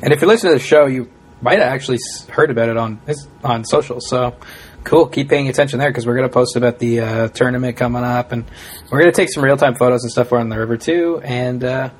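A man's voice: medium pitch, fast talker, breathy edge. A man co-hosting a casual podcast, easygoing and loose, with lots of "uh" and "like" and laid-back slang. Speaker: podcast co-host. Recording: faint background noise.

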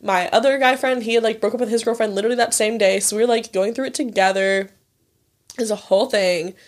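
Speaking fast with a fairly high pitch and fairly even intonation, a young woman in her twenties co-hosts a laid-back chat. She's a talkative storyteller who uses "like" a lot and doesn't hold back on swearing.

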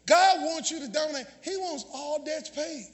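A man preaching a sermon, shouting call-and-response lines to his congregation and often repeating or restarting phrases. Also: very high-pitched, normal speed. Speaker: pastor. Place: large church sanctuary. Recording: long church reverb, faint congregation.

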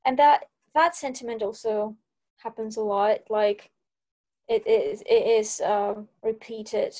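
A woman's voice: on the high side, fairly even intonation, slow pace, a little mellow, rough recording. A woman talking in a casual podcast discussion, often restarting her sentences.

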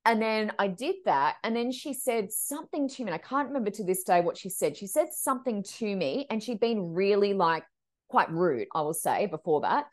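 Animated woman medium, casual podcast guest, acts out quotes, very lively pitch. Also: moderate pace. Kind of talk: casual storytelling chat.

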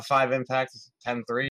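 A man's voice: medium pitch, slow, bright, forceful tone, no room sound, clean studio sound. A man playing a tabletop game, chatting casually and eagerly with the game master. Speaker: player.

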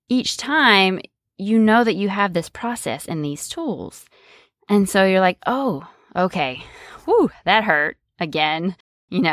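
A woman's voice: fairly low pitch, fairly bright tone, dry recording, clean studio sound. A woman coaching in a conversational monologue, often checking in with "right?" and laughing lightly between points. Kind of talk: solo podcast-style monologue.

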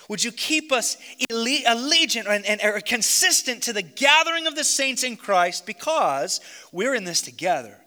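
A man preaching and praying aloud as pastor, swinging between hushed, intimate lines and fervent outbursts. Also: high voice. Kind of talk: sermon and closing prayer. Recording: long reverb of a large hall.

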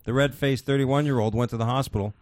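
A man's voice: medium pitch, steady tone, quick pace, a little mellow, no echo, clean studio sound. A man hosting a podcast, chatting casually and reading out odd news stories in a crude, swearing, laughing way. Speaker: podcast host.

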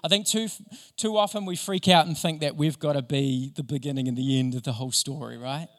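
Male pastor, lively storyteller, slightly high voice, big reverberant hall. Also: a little fast. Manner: animated, enthusiastic storyteller. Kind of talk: sermon with storytelling.

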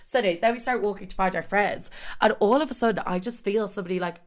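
A woman's voice: medium pitch, quick pace. A young woman telling a gossipy story for a vlog, swearing and saying like constantly. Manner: gossipy, breathless, swears a lot, says like constantly. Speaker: vlogger.

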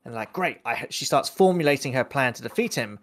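A man with a mid-range voice talks briskly in a clean studio recording with no echo. He co-hosts a horror podcast, chatting casually and animatedly about films, rambling and often acting out scenes.

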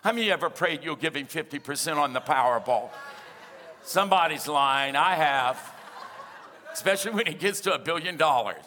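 A man's voice: fairly high pitch, fairly quick, a little hiss or hum. A male pastor preaching a sermon with energy, asking the congregation for amens and dropping in humorous asides. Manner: energetic preaching with call-and-response questions.

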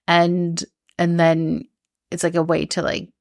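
A woman's voice: fairly low pitch, completely flat delivery, slow, creaky, a little mellow, no room sound, clean studio sound. A young woman hosting a podcast, telling a personal story in a candid, rambling way with lots of "like" and restarts. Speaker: podcast host.

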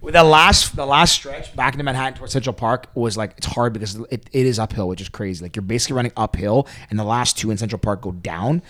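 A man co-hosting a podcast, telling a race story in a rambling, animated way with lots of fillers. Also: mid-range voice, fast, hardly any pauses. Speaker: podcast co-host. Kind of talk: casual chat.

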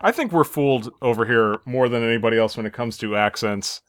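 A man's voice: medium pitch, brisk, a bit bright, clean tone, dry recording, clean studio sound. An American man hosting a podcast in casual chat, easygoing, often chuckling and hedging with "I think". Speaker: podcast host.

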